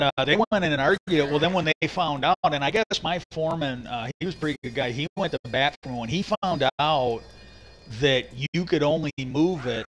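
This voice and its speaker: A man's voice: on the high side, fairly bright tone, a little hiss or hum. A man streaming live, telling a long casual story, retelling conversations with "he goes" and "I go" and swearing freely. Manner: rambling, retells talks with "he goes" and "I go".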